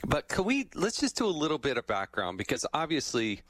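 A middle-aged man hosting an interview, telling stories in a relaxed way and laughing easily. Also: a little high, fairly quick. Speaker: host. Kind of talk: casual interview chat.

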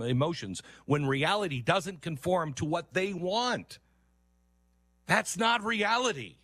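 A man's voice: a little high, a bit bright, no room sound. A middle-aged man commenting earnestly on a video, lecturing and sometimes mocking with impressions. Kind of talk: reaction commentary.

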